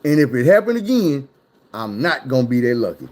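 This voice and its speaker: A man's voice: mid-range voice, sing-song, brisk, a little mellow. A man telling a wild personal story in casual, profane chat, his voice jumping up when he gets worked up.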